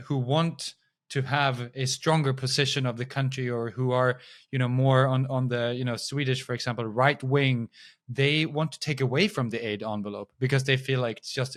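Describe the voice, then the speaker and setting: A man's voice: mid-range voice, a bit bright, dry recording, clean studio sound. A man hosting a podcast interview, asking long questions with many restarts. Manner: hesitant, many restarts and fillers. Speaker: podcast host.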